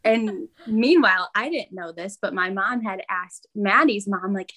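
A young woman in casual chat, telling stories in an animated way, laughing often and acting out what others said. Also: medium pitch, unhurried, hardly any pauses. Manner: animated storyteller, laughs often, acts out quoted voices. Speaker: guest.

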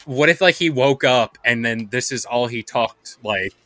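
A man with a bright, forward voice chats casually as a podcast co-host. He sounds relaxed and fills his talk with "like". The recording is dry and close. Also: medium pitch, measured pace, no room sound. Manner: relaxed, with many "like" fillers. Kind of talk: casual chat.

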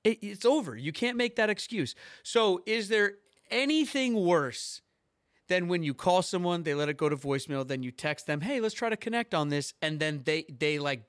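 A man hosting a podcast, talking in a high, lively voice that leaps all over the place. He rants theatrically and piles on exaggerated outrage. The recording is close and dry. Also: dry recording. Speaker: podcast host. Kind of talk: casual chat.

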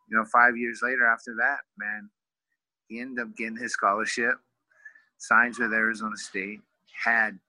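A man's voice: lowish voice, sharp tone, no echo, poor audio. A man in his forties from California, a wrestling coach telling a heartfelt personal story in an emotional, rambling way, full of fillers. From California, USA.

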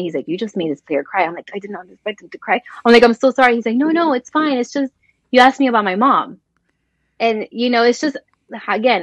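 This woman is a Colombian sports journalist appearing as a guest in a relaxed interview, speaking at medium pitch. Her storytelling is animated, and she acts out the voices she quotes. The recording is low quality, with no room sound.

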